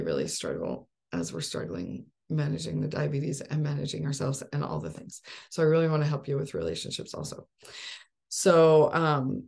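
A woman's voice: low voice, gravelly, a little mellow. A woman in her forties, a life coach hosting a support group call over a video call, talking in an upbeat, encouraging way with rhetorical questions and frequent laughs. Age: 40s.

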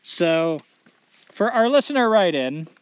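A man with a fairly high voice hosts a casual podcast, his pitch swinging widely as he tells jokes and stories. He laughs easily and builds to loud punchlines. The sound is dry and a little muffled. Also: slow pace, clean tone, no echo. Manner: animated storyteller, joking and laughing. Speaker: podcast host.

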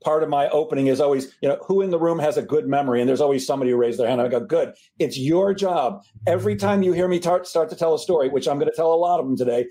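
A male podcast host chats in a casual interview, joking at his own expense. He talks very fast in a husky voice that sits a little high. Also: dark tone. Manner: quick, joking, self-deprecating.

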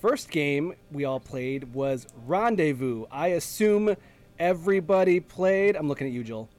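A man's voice: on the high side, expressive, a little slow, darkish tone. A man hosting a casual gaming podcast over a video call, joking and sing-song, stumbling over names. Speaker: podcast host. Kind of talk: casual chat.

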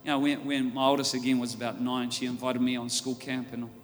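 An Australian man preaching a sermon, telling stories and building up to loud, fervent preaching. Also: medium pitch, flat delivery, brisk. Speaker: pastor. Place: church auditorium. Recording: church hall reverb with faint music.

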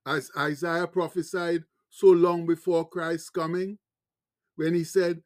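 A man's voice: on the high side, level tone, slow, darkish tone. A man preaching a sermon, reading scripture aloud and adding emphatic, exclaiming commentary.

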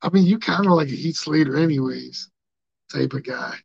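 A gravelly-voiced man hosts a loose podcast, rambling and joking loudly in heavy slang. The room sounds dry and close, and the audio is a bit dull and lo-fi. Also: a little high, moderate pace, no room sound. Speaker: podcast host. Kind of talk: casual podcast banter.

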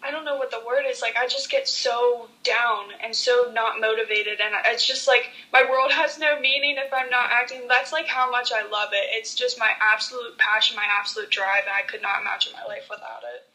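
Young woman actress as podcast guest; earnest and gushing, slightly high, bright voice. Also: steady tone, brisk, hardly any pauses, rough recording. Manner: earnest, enthusiastic, many "like" fillers. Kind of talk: podcast interview.

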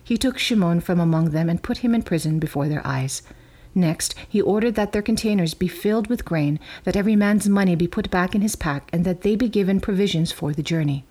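A woman with a somewhat low voice reads scripture aloud. Her delivery is measured and clear, in a storytelling manner. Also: darkish tone. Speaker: reader.

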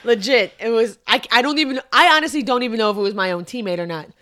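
A young woman co-hosting a podcast, telling a story in casual chat, animated and profane. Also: a little high, quick pace. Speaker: podcast co-host.

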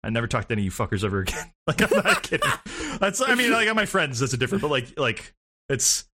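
A man in casual chat, animated and self-mocking, laughing often as he talks. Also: mid-range voice, quick pace, a little hiss or hum.

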